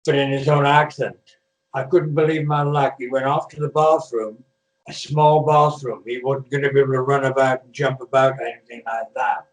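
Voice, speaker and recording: Interviewed casually over a video call, a retired wrestler from Britain, now an older man, rambles through stories with plenty of fillers and restarts. His mid-range voice has fairly even intonation and a moderate pace, and the sound is echoey, with him far from the mic.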